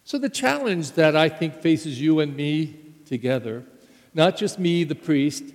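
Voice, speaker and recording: Male priest, slightly high voice, homily with stressed key words, long church reverb. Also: big pitch swings, slow pace. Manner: conversational preaching with stressed words and sudden loud rises. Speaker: pastor. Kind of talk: sermon.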